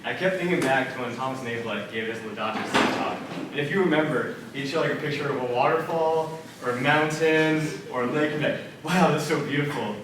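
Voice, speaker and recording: A man's voice: mid-range voice, fairly quick, noisy background. A young man giving a casual, earnest personal faith talk to students, telling stories with plenty of "like" and "um". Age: young adult. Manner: casual, earnest storytelling with fillers. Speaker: student speaker. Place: multipurpose room at a church center. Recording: very echoey room from far off.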